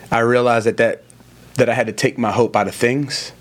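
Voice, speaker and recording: A man in his forties speaks as a guest pastor, telling his story in an earnest, preacherly way. His pitch sits in an ordinary middle range. He leans into key lines with rising emphasis. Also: fairly even intonation, moderate pace. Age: 40s. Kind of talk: conversational interview, preacherly storytelling.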